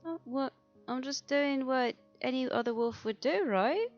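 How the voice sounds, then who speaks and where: A woman voicing a big, soft-hearted young man who worries easily and tears up, in a high fretful voice, for a tabletop game. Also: unhurried, lo-fi sound, faint music behind. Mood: fond. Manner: high fretful voice, frantic and doting.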